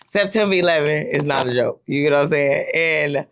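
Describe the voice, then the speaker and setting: A woman's voice: low-pitched, normal speed, a little hiss or hum. A woman in her thirties hosting a podcast, telling rambling stories with lots of fillers in casual chat. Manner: rambling, storytelling with many fillers. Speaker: podcast host.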